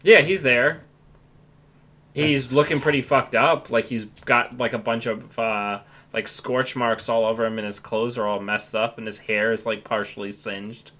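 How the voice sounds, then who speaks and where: A man's voice: medium pitch, fairly even intonation, measured pace, fairly bright tone. A man narrating a tabletop game as game master, describing scenes loosely with many fillers.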